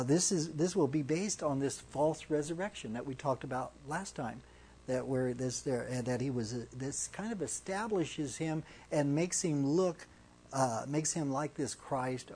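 A man's voice: mid-range voice, a little mellow, slightly rough. A man teaching through a Bible passage as a pastor, reading verses aloud with emphasis and restarting phrases as he explains. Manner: halting, restarts phrases, reads scripture with emphasis.

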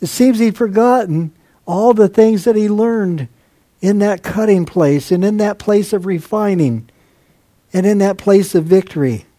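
A man's voice: sits high, mellow, dry recording. A man preaching a sermon, expounding a text and acting out quotations to drive his points home. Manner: expository preaching with dramatized quotes.

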